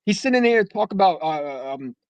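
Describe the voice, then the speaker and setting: A man's voice: high voice, animated, quick pace, no echo, low-quality recording. Rambling, heated male caller. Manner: rambling, heated, many restarts. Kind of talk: casual sports call-in chat.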